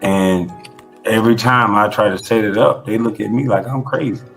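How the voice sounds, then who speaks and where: A man's voice: lowish voice, moderate pace, creaky, fairly bright tone, soft background music. A man being interviewed who talks in a blunt, emphatic way and swears freely. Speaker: interview guest. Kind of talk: casual conversational interview.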